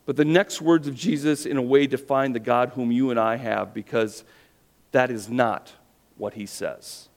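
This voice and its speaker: A man preaches a sermon in a mid-range voice, walking his listeners through a story. He asks rhetorical questions and drops his voice low and quiet to land key points. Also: steady tone, normal speed, creaky. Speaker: pastor.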